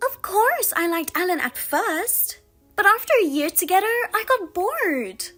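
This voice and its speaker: A woman's voice: very high voice, sing-song, unhurried, fairly bright tone, faint music behind, voice pushed up, exaggerated voice. A woman voicing a smug, spiteful younger sister in a story reading, taunting and gloating. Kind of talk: audio drama reading.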